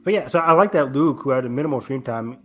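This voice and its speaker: A man's voice: mid-range voice, lively intonation, quick pace. A young man co-hosting a fan review podcast, talking casually and swearing freely. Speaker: podcast co-host.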